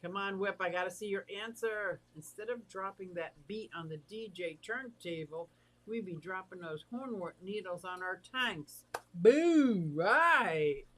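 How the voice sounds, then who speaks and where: A chatty livestream host who reads viewer comments aloud and answers them, easily excited and warm. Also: medium pitch, moderate pace. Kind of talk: casual livestream chat.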